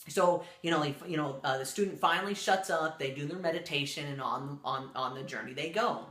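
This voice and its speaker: A man's voice: on the high side, brisk, few pauses, sharp tone, reverberant. A man casually telling a spoken story, rambling with fillers and restarts.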